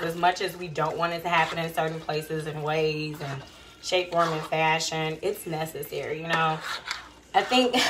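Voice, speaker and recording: A chatty woman hosting a casual cooking stream from her home kitchen, her talk loose and preachy as she cooks. Her voice sits a little low, with faint hiss and small clicks behind it. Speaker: cooking show host.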